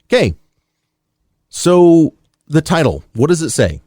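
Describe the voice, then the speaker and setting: A man hosting a car podcast in casual chat, animated and joking, swearing freely. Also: fairly high pitch, slow, no echo, clean studio sound. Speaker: podcast host.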